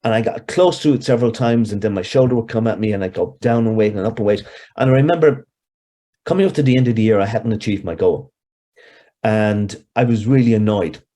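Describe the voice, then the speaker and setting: A man's voice: lowish voice, fairly quick, dark tone. An Irish man in his sixties, telling rambling stories as a guest in an interview. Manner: rambling, conversational storyteller. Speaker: hypnotherapist guest. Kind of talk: anecdotal storytelling in an interview.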